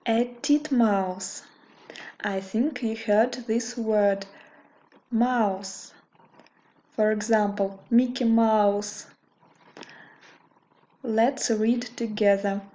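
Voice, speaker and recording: A woman teaching English with a Russian accent, speaking slowly and carefully and repeating words for learners. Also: on the high side, fairly even intonation, dark tone, muffled recording. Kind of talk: slow English lesson for learners.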